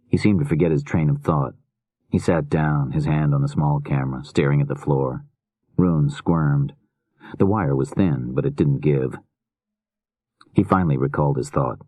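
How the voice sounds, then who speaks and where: A man narrating a thriller audiobook in a measured, grave manner. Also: rumbling low, warm tone, dry recording.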